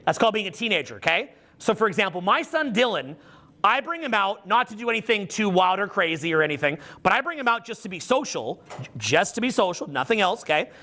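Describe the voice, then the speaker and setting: Middle-aged male coach addressing a live audience, high bright voice, swears a lot and acts out the quotes. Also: fast. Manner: animated, profane storytelling with acted-out quotes. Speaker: social skills coach. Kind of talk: live seminar talk.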